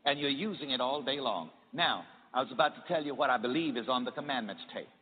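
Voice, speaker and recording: A man's voice: medium pitch, lively intonation, fast, breathy edge. A man preaching a sermon with emphasis, leading his congregation to repeat phrases after him. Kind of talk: sermon with call-and-response. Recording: tinny echoey hall recording with faint hiss.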